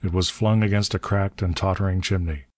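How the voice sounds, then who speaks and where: A man with a very deep voice narrates an adventure audiobook, reading in a steady, measured way. The recording is close and dry, with no room sound or echo.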